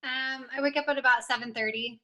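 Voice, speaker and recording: A woman chatting casually on a video call, easygoing and quick to laugh. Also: sits high, fairly even intonation, bright, forceful tone. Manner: giggly, easygoing. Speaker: guest athlete. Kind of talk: casual interview chat.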